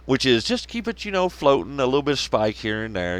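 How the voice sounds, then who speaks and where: A man's voice: mid-range voice, very animated, fairly quick, few pauses, fairly bright tone, smooth. A man hosting a solo commentary show, rambling, swearing a lot and laughing at his own jokes. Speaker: podcast host.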